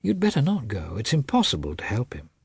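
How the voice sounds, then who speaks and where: Man voicing a patronizing elder brother, lecturing, husky, lively pitch. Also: brisk, dry recording, studio quality, exaggerated voice.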